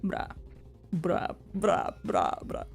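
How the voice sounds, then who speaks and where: A woman's voice: extremely slow, faint music behind. A woman streaming a video game, reacting bluntly with swearing and laughter. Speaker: VTuber streamer. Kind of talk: gameplay commentary, reading dialogue aloud.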